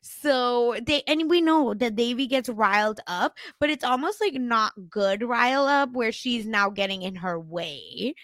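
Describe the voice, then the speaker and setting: A woman's voice: a little high, a little slow, hardly any pauses, fairly bright tone, dry recording. A young woman co-hosting a podcast, recapping a TV episode in casual chat with dramatic asides. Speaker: podcast co-host.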